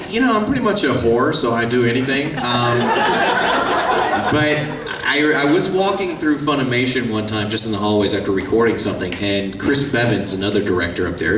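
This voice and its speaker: A voice actor on a convention panel fields audience questions, telling irreverent, joking stories casually in a mid-range voice. The recording comes from far off in an echoey convention hall, with crowd and background noise.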